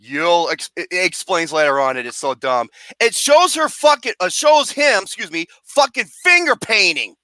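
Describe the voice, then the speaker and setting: Lively, bright-voiced movie ranter. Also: mid-range voice, moderate pace, hardly any pauses, dry recording. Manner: animated, laughing, swearing, sarcastic. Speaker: movie review host. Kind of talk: profane comedic rant.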